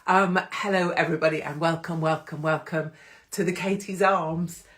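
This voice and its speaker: A woman's voice: deep voice, steady tone, normal speed. A middle-aged woman hosting a casual live-stream chat on her phone, teasing and greeting viewers by name. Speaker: host of a live online pub show. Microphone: phone livestream.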